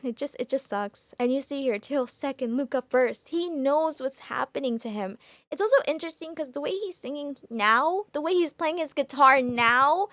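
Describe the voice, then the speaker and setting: A woman hosting a reaction video, talking emotionally and stumbling over her words as she gets excited. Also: high voice, normal speed, no room sound.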